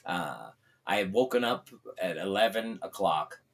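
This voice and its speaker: A man in his fifties with a gravelly voice, sitting in as a guest on a casual podcast. He tells rambling, animated stories, slipping into the voices of the people he quotes and stumbling through fillers and restarts. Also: sits low, unhurried. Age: 50s. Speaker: podcast guest, comedian and voice actor. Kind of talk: casual storytelling chat.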